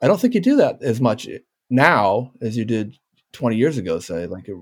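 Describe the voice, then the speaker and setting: A middle-aged man with a mid-pitched voice, talking shop in a loose panel discussion. He jokes about the old days of live sound and lets his sentences trail off as he finishes his thoughts. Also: normal speed, breathy edge, no echo, studio quality. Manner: relaxed, joking, trails off at phrase ends.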